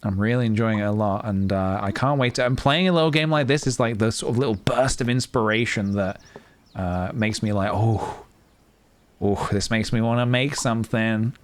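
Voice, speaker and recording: A young man chatting casually to his live-stream viewers as he plays a game, playful and chatty, with sudden excited squeals. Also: lowish voice, fairly quick, slight background noise. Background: faint game music.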